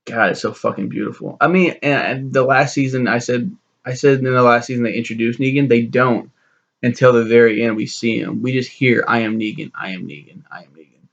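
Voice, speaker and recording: A young man giving a rambling, profane, animated spoken review of a TV series, like a casual home video. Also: medium pitch, fairly quick, creaky, highs cut off.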